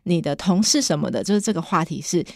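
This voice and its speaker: A woman's voice: on the low side, expressive, fast talker, vocal fry, dry recording, clean studio sound. A woman hosting a podcast lesson, explaining phrases in a chatty, encouraging way. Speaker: podcast host.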